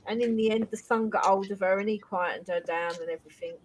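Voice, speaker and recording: A woman's voice: medium pitch, quick pace, poor audio. An older woman hosting a live chat stream, chatting casually with panel guests and thanking viewers. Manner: chatty, warm sign-off thanks.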